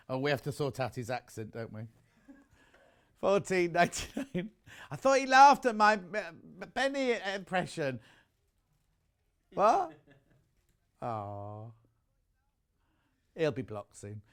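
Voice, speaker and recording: A man's voice: fairly high pitch, sing-song, takes it slowly, long pauses, fairly bright tone, smooth. A man presenting on a live shopping channel, chatty and enthusiastic, rambling into personal asides between prices.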